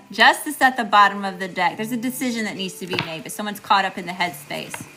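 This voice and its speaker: Bright-voiced Southern woman reading tarot. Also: mid-range voice, fairly quick, soft background music. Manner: chatty, greets viewers by name, casual swearing. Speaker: tarot reader.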